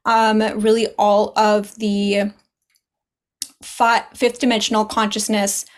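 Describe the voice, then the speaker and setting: A woman's voice: medium pitch, level tone, slow. A young adult woman guest on a podcast, talking earnestly and encouragingly in casual conversation. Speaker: podcast guest, spiritual business owner.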